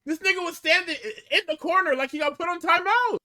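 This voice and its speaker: Male co-host, high and piercingly bright, profane heated chatter. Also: quick pace. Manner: profane, heated ranting with laughs. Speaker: podcast co-host. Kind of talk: casual chat.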